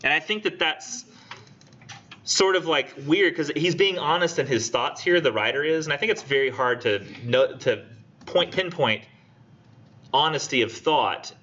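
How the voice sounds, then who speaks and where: A man teaching a college literature class in a casual, animated way, acting out quoted lines. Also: on the high side, moderate pace, a little hiss or hum. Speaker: college English instructor. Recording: dull lo-fi classroom recording.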